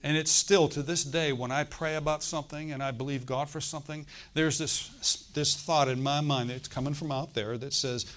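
A middle-aged man preaching a sermon, telling a personal story with loud bursts and acted-out laughter. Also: a little high, steady tone, moderate pace, few pauses.

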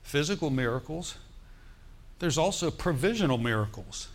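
A man preaching a sermon, animated and quoting scripture, calling out for amens. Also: on the high side, normal speed.

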